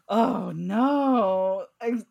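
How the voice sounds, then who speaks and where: A woman's voice: a little high, extremely slow, creaky, darkish tone. Playful jokey woman podcast co-host. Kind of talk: casual chat.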